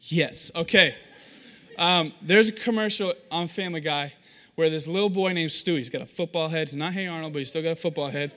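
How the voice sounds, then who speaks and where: Bright-voiced young male preacher. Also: fairly high pitch, fairly quick. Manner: animated, self-deprecating storytelling with acted-out voices. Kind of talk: sermon.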